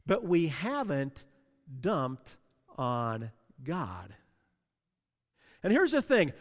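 High-voiced preaching man in a reverberant hall. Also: wildly swooping pitch, drawn-out words. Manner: passionate, swings from hushed to loud. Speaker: pastor. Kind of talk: sermon.

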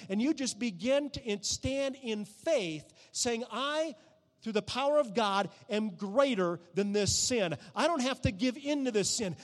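A man preaching a sermon, moving between soft, hushed prayer and loud, emphatic declarations. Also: very high-pitched, lively intonation, moderate pace, in a large hall.

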